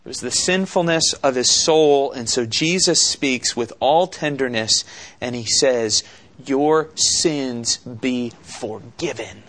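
A man preaching an expository sermon, slow and deliberate, with dramatic pauses and rhetorical questions. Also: mid-range voice, fairly bright tone. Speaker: pastor.

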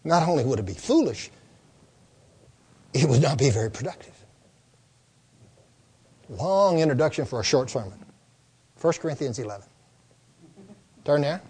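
An older man preaching a sermon, telling folksy stories and stressing points through slow, repeated lists. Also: medium pitch, big pitch swings, a little mellow, husky. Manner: folksy storytelling, slow emphatic lists and repetitions. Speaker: pastor.

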